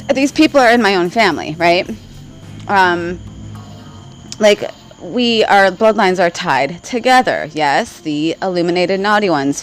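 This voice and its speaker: Rambling woman with a lively voice. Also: fairly low pitch, poor audio. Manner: rambling, keeps asking "right?", laughs often. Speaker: spiritual vlogger. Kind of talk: casual rambling storytelling. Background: faint crickets.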